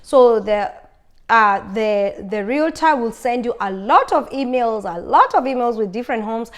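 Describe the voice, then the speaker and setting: A woman's voice: a little high, expressive, measured pace. A woman vlogger telling her own story in a casual, chatty way, often repeating herself and restarting sentences. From lives in Arizona.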